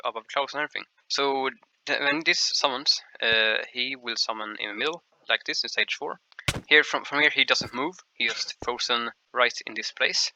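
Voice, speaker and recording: A man giving casual gameplay commentary as a showcase host, explaining in a halting, rambling way with frequent restarts. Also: medium pitch, bright, forceful tone, a little hiss or hum, low-quality recording.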